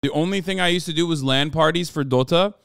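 Male streamer, fairly high and smooth, swears freely, rambles and restarts, animated. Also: fast talker, no room sound, clean studio sound. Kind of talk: casual livestream chat.

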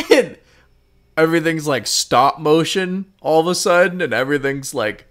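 A man's voice: on the high side, very animated, moderate pace. A young man co-hosting a podcast, telling a long rambling story in casual chat, packed with "like", swearing and bursts of laughter. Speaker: podcast co-host.

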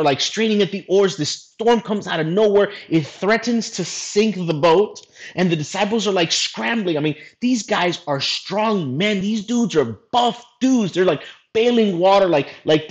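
Animated preaching man. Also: a little high. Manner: animated storytelling preaching, casual slang. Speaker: pastor. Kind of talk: sermon.

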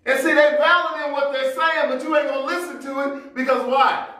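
A man's voice: extremely high pitch, fairly even intonation, brisk, sharp tone. A male pastor preaching a sermon to his congregation, talking conversationally and acting out everyday scenes. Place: church sanctuary. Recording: very echoey church hall, distant mic.

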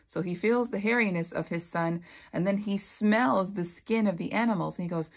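A woman's voice: on the low side, fairly quick, few pauses. A woman leading a Bible study, retelling the story expressively and acting out its characters.

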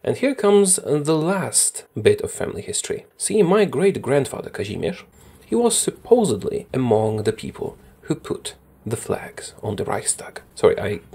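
A man gives casual gameplay commentary, thinking out loud about each move. His voice is mellow and a little husky, and his pitch moves around a lot. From Poland. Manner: chatty, thinks aloud while playing. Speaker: strategy game YouTuber.

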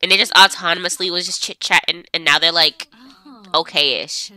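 A woman's voice: on the low side, fairly even intonation, normal speed, sharp tone. A young woman chatting casually as she plays a life-sim game, talking to her characters. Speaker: gameplay streamer. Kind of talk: casual gameplay commentary.

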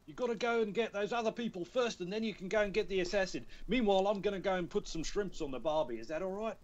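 Game mentor: man acting as a bossy Aussie guide, upbeat, lifted pitch, lo-fi. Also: fast, lightly acted. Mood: breezy. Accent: put-on Australian. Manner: breezy, bossy instructions. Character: brash male Australian mentor.

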